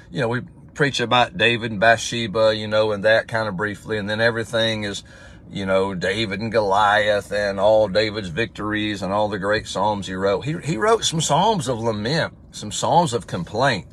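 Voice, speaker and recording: A man's voice: mid-range voice, fairly bright tone. A man giving a casual livestream devotional as pastor, talking in a conversational way and reading scripture aloud with emphasis.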